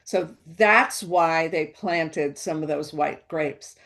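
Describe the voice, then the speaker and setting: A woman's voice: low-pitched, takes it slowly, fairly bright tone. A woman giving an educational wine talk, explaining in a chatty way with restarts.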